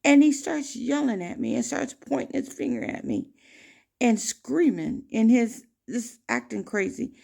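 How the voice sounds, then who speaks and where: Gravelly-voiced woman telling a story. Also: fairly high pitch, unhurried. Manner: emphatic, animated retelling. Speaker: vlogger. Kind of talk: casual storytelling to camera.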